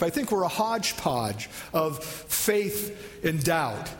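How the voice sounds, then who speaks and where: Pastor, male, high voice, chatty sermon style, long hall reverb. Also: sing-song, takes it slowly. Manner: conversational, asks the congregation questions.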